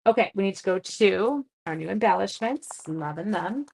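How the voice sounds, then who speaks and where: A woman's voice: medium pitch, lively intonation, moderate pace, creaky, darkish tone, breathy edge. Chatty woman demonstrating crafts live. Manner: chatty, self-mocking, talks to herself while working. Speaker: card-making demonstrator; seventh-grade teacher. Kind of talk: casual live-stream craft demo.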